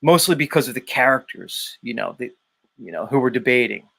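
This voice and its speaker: A man's voice: mid-range voice, expressive, brisk, vocal fry, a bit bright. A man hosting a casual live stream, reading chat messages aloud and bluntly teasing viewers. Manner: blunt, teasing, swears freely. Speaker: live stream show host.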